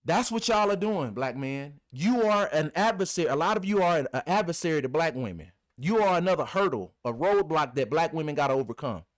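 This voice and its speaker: A man's voice: a little high, animated, fairly quick, hardly any pauses, no room sound, clean studio sound. A man hosting his own video, giving a heated, repetitive, scolding commentary. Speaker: video host. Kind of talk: impassioned commentary rant.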